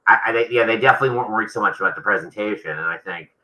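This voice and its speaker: A man's voice: on the low side, rapid-fire, sharp tone, low-quality recording. A man, an author being interviewed, talking casually and rambling with many restarts.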